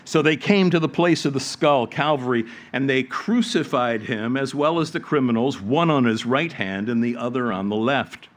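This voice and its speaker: A man preaching a sermon, reading scripture and explaining it, dropping low and soft for quoted words and rising for emphasis. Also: normal speed, few pauses. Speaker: pastor.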